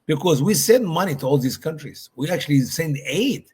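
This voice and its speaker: A man's voice: a little high, expressive, brisk, a little mellow, husky. A man speaking as a guest in a conversational discussion, emphatic and repeating his points for stress.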